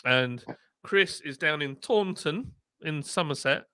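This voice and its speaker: A man's voice: fairly high pitch, lively intonation, slow pace, pushed and bright, smooth, dry recording, clean studio sound. A man hosting a casual livestream chat, talking bluntly and laughing often. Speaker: livestream host, former brewery boss.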